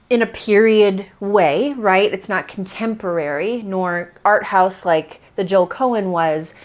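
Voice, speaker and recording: Woman vlogger, casual film reviewer, animated delivery, quick to laugh, slips into little character voices, close-miked. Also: medium pitch. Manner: animated, laughs often, acts out quotes.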